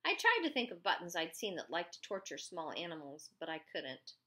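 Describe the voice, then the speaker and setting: A woman narrating a first-person story as an audiobook, with lively storytelling. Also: fairly low pitch, a little fast.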